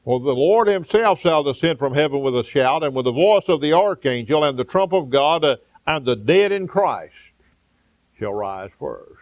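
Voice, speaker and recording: A male pastor delivering a sermon, building to fervent exclamations and calling out amen and hallelujah, with frequent "uh" pauses. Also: on the high side, expressive, dry recording. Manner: preaching, rising to fervent exclamations with frequent "uh" fillers; calls out amen and hallelujah to the congregation.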